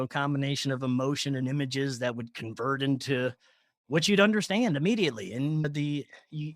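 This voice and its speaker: A man guest on a podcast, telling a personal story in a casual, animated way, laughing often and filling with "like". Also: medium pitch, no echo, studio quality.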